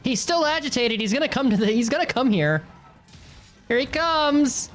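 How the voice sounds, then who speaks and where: A woman streaming gameplay with live commentary, swearing and yelling at the monsters on screen, swinging from low mutters to shrieks. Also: animated, moderate pace, faint music behind. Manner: swears a lot, yells at monsters.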